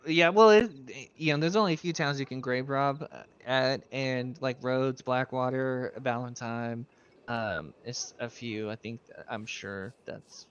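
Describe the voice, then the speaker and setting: A man's voice: medium pitch, steady tone, measured pace, fairly bright tone, clear, resonant tone, dull audio. A man in a casual roleplay chat, training a new recruit as sheriff, rambling through stories, laughing often and swearing casually. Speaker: streamer playing a sheriff.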